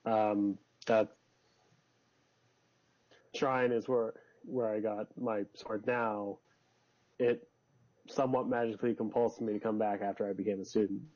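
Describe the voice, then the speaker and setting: A man's voice: on the low side, fairly even intonation, measured pace, long pauses, a little mellow. Guy playing a tabletop game, jokey, trips over his words a bit, muffled lo-fi sound. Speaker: player. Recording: dull lo-fi sound.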